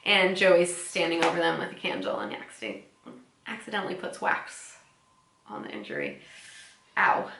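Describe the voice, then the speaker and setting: A woman's voice: lowish voice, big pitch swings, normal speed, gravelly, a bit bright. A woman casually recapping episodes as a podcast co-host, chatty and giggly, often acting out quoted lines. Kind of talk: casual chat. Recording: echoey room.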